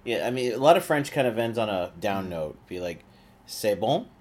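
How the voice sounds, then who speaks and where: A man's voice: on the low side, lively intonation, brisk. A man hosting a podcast, easygoing in manner as he quizzes his guest. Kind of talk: casual podcast chat.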